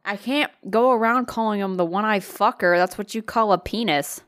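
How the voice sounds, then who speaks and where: A woman's voice: medium pitch, normal speed, fairly bright tone. A woman co-hosting a podcast, telling stories in a sweary, exasperated, casual way. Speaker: podcast co-host. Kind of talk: casual chat.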